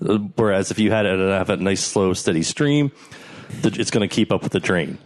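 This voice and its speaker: A man with a very deep voice lays out an idea step by step in a casual podcast chat. He talks bluntly and plainly. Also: a little fast. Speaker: podcast co-host.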